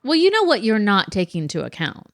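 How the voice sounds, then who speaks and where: A woman's voice: mid-range voice, fast talker, no echo, studio quality. A woman co-hosting a podcast, teasing her co-host and telling family stories in casual chat. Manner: teasing, lively storytelling.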